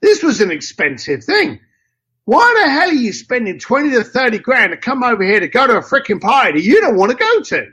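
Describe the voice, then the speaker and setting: A man telling anecdotes in an interview, acting out dialogue in a lively way with casual slang and mild swearing. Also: very high-pitched, fairly quick. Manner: lively, acts out both sides of dialogues. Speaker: interview guest. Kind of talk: anecdotal storytelling.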